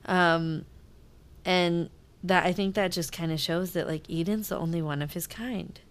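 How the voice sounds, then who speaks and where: A woman's voice: lowish voice, fairly even intonation, measured pace. A woman co-hosting a book podcast in casual chat, reacting with enthusiasm. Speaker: podcast co-host.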